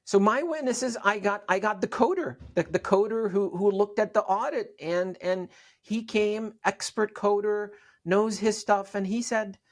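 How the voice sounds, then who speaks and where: A man's voice: high voice, measured pace. A middle-aged man from Syria, telling his story as an interview guest, earnest and often repeating words as he restarts.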